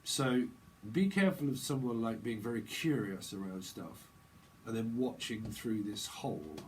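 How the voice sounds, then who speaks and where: A man's voice: mid-range voice, animated, moderate pace, a little hiss or hum, poor audio. A man giving a casual, rambling tarot reading, joking and laughing often. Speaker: tarot reader.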